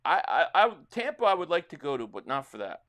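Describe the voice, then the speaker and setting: This is a middle-aged man with a New Jersey accent, hosting a live football reaction stream. His voice sits a little high and swings widely in pitch. He drifts from one topic to the next, and he calls the plays as they happen. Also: fast. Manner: rambling chat with chat readers, bursts into excited play calls. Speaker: livestream host reacting to a football game.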